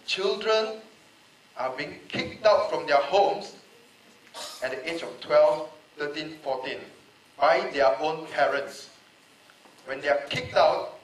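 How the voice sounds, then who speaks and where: A man from Malaysia, speaking as a panel speaker in a public debate, delivers an emotional, pleading speech full of repeated rhetorical questions. His voice is on the high side and sounds a bit far off in a large, echoey hall, with a little hiss or hum.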